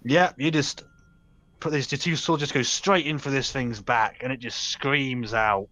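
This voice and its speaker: A man's voice: medium pitch, fairly even intonation, unhurried, pushed and bright. A man running a tabletop game as game master, teasing players and narrating combat vividly.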